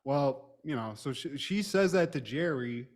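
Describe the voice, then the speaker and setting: Higher-voiced man joking through a recap. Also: lively intonation, unhurried, darkish tone. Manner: loose, profane and joking. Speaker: co-host. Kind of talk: casual podcast chat recapping a TV episode.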